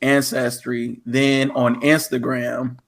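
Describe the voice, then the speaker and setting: A podcast co-host with a mid-range voice and vocal fry chats casually and slowly, animatedly acting out the people in his story with quoted voices.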